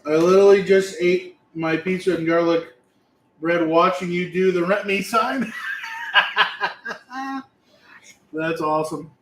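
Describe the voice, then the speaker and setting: A man hosting a casual livestream while he works, talking to himself in a relaxed, mumbling way. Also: high voice, slow pace, long pauses. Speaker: livestream host, dumpster rental owner. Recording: echoey room with faint noise.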